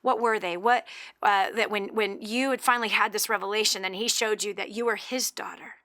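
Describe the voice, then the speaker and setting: Bright-voiced woman radio host. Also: mid-range voice, steady tone, fairly quick. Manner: earnest, repeats words as she restarts. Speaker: radio talk show host. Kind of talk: conversational radio talk.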